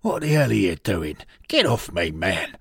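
A man voicing a gruff, dismissive former footballer who growls his lines. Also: deep voice, wildly swooping pitch, moderate pace, fairly bright tone, no echo, clean studio sound, heavily acted. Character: gruff retired footballer turned committee man.

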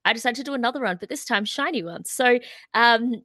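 A woman's voice: a little high, fast talker, pushed and bright, no echo. A woman co-hosting a music podcast, chatting in a bubbly, filler-heavy way. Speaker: podcast co-host. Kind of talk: casual music podcast chat.

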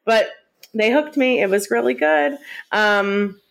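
A woman's voice: fairly high pitch, slow pace, vocal fry. Rambling woman hosting a casual podcast. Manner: rambling, filler-heavy, jokey. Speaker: podcast host. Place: at home with cats.

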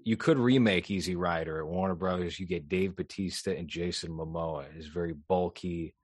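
Deep-voiced man hosting a dry dry chat. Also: moderate pace, darkish tone, no room sound. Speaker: podcast host. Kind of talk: casual chat.

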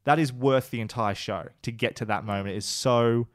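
A man's voice: medium pitch, moderate pace, no echo. Give me an eager man chatting on a podcast, with a dry close sound. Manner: enthusiastic, emotional, swears casually, recaps scenes. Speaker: podcast co-host. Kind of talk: casual chat.

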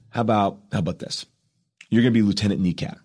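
A man voicing an excitable, fast-talking male film director, eager and pushy. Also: lowish voice, husky.

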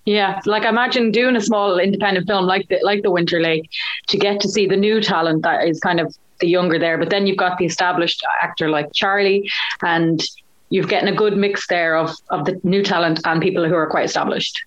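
A woman's voice: fairly low pitch, fairly even intonation, a little fast. Woman asking questions, chatty and keen, kinda dull muffled sound. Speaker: interviewer. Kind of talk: casual interview questions.

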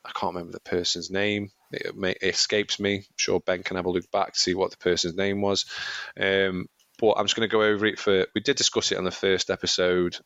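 A man's voice: sits low, flat delivery, a little fast, a bit bright, no room sound, lo-fi sound. A man co-hosting a casual running podcast, chatting in a rambling way and laughing often. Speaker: podcast co-host. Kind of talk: casual chat.

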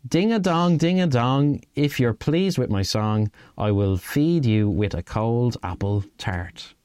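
A man's voice: mid-range voice, a little mellow, clear, resonant tone, no room sound. Man hosting a podcast. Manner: reads a nursery rhyme in a slow sing-song. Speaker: podcast host. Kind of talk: casual podcast chat. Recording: dry close mic with faint music behind.

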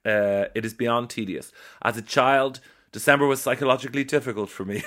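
A man's voice: mid-range voice, brisk, fairly bright tone. Irish guy on a comedy podcast, reading out listener mail and riffing on it, wry and playful. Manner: wry, playful, stops to riff on what he reads. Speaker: podcast host. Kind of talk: comic podcast monologue reading listener emails.

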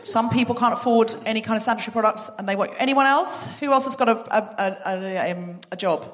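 A woman's voice: fairly high pitch, fast, a bit bright. A woman hosting a live podcast show on a theatre stage, chatting with and quizzing the audience. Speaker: podcast host.

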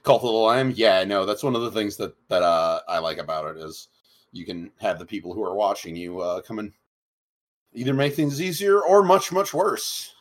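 A man's voice: lowish voice, expressive, normal speed. A man co-hosting a podcast in loose, rambling casual chat, often repeating words as he restarts. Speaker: podcast co-host.

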